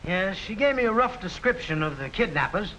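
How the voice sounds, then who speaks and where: An actor playing a grave, formal city official in an early TV crime drama. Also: male voice, sits high, very animated, noisy background. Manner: formal, measured. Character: earnest city official, adult man, grave.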